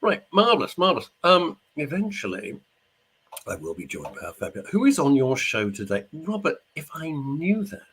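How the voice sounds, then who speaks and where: A man's voice: on the high side, big pitch swings, normal speed, fairly bright tone, husky. A middle-aged man hosting a radio show, chatting casually and jokingly while reading out listener messages. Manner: chatty, jokey, rambling. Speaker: radio host. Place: studio.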